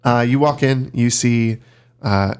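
Brief: male game master, mid-pitched voice, easygoing narration with pauses and fillers. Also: smooth. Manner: relaxed, hesitant narration with many fillers.

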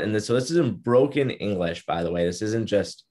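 A young man with a deep, low voice speaks as an interview guest. He tells his story in an earnest, reflective way, in casual talk. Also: animated, brisk, a little mellow.

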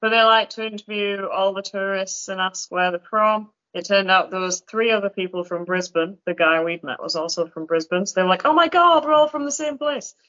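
A woman's voice: medium pitch, level tone, a little fast, hardly any pauses, pushed and bright, muffled recording. A woman on a casual running podcast, recounting a trip in a matter-of-fact way. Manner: matter-of-fact, refuses to do accents. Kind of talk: casual chat.

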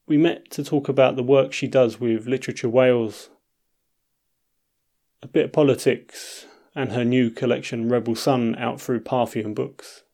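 A man's voice: medium pitch, steady tone, normal speed, dark tone. A man hosting a poetry podcast, reading the introduction and sign-up notes in a friendly, conversational way. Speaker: podcast host. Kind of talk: scripted show intro.

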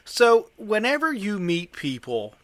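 Male host, interviewer, expressive pitch, a bit high, encouraging. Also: a little slow, no room sound. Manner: encouraging, laughs often, short acknowledgements. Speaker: podcast host. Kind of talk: casual interview chat.

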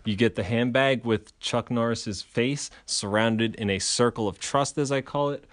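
A man's voice: mid-range voice, normal speed. Man riffing on a casual podcast. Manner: rambling, absurd mock-promotional riffs. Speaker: podcast co-host.

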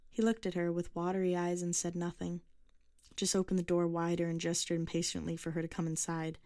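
A woman reads a short story in a measured, even narration. Her voice sits fairly low and the recording is very dry and close, with no room sound. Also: dry recording.

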